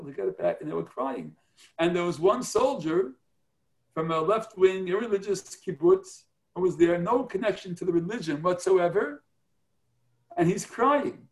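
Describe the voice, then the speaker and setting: A man's voice: high-pitched, creaky, a little mellow. A man teaching a religious class on prayer, earnest and explanatory, often checking in with his listeners.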